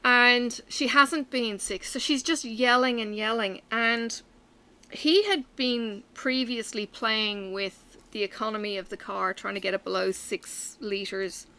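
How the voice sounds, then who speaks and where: Chatty bright-voiced woman. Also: mid-range voice, vocal fry. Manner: chatty storytelling with many fillers. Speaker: vlogger. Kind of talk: casual chat while stitching.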